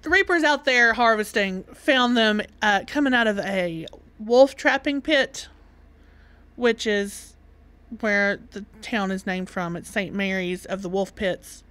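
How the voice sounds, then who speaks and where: A woman's voice: medium pitch, a little slow, fairly bright tone, clear, resonant tone. A woman with a Southern US accent, co-hosting a podcast in casual chat and laughing often. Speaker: podcast co-host.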